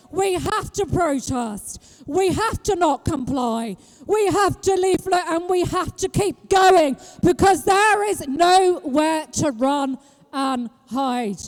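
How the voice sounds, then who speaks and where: A woman from Britain giving an impassioned street rally speech, throwing rhetorical questions at the crowd and breaking into shouts. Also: extremely high pitch, slow, big-room sound. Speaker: street activist speaking at a rally. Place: outdoor public square at a rally.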